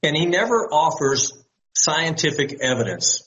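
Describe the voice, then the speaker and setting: A male doctor speaking as a guest in an interview, in a steady, measured way. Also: on the high side. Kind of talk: interview talk. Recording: dull lo-fi line with faint hiss.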